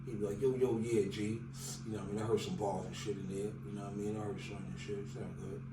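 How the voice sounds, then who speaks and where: A man's voice: on the low side, little pitch movement, fast, echoey room, far from the mic, heavy background noise. A man from Staten Island with a New York accent, telling loose, slangy stories as a rapper guest in an interview and acting out the dialogue. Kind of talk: casual interview storytelling.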